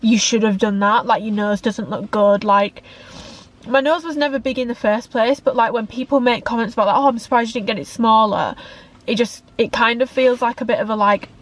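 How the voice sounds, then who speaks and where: A woman's voice: fairly high pitch, steady tone, brisk. Chatty young Englishwoman rambling candidly. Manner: candid, rambling, heavy use of "like". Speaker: fitness content creator.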